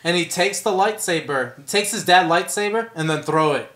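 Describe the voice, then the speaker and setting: A man's voice: high voice, animated, moderate pace, fairly bright tone. A man co-hosting a podcast, chatting about a movie in a laid-back way with crude jokes and lots of agreeing. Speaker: podcast co-host. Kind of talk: casual movie chat.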